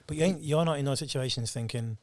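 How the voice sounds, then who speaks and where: A man's voice: mid-range voice, fast. A man hosting a podcast, chatting casually and bluntly, swearing freely and stressing his points. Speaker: podcast host. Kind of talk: casual conversation.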